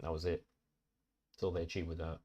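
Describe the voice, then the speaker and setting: A man's voice: deep voice, monotone, fairly quick, a little mellow. A man co-hosting a podcast, talking casually and bluntly with a lot of swearing. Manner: blunt, sweary, complaining about game rules. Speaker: podcast co-host. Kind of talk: casual chat.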